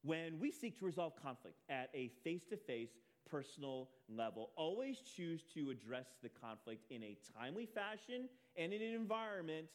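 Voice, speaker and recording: A man preaching a sermon as pastor, telling a personal story with animated, self-deprecating asides. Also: a little high, normal speed, hardly any pauses.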